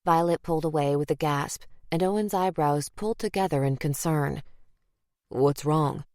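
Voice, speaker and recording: A woman narrating a crime thriller audiobook in a measured, even way. Her voice sits low and the recording is dry and close, with no room sound. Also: no room sound. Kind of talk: scripted narration.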